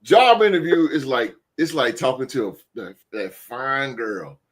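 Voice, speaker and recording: Lively, stammering man. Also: mid-range voice, unhurried. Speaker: podcast co-host. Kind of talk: casual banter.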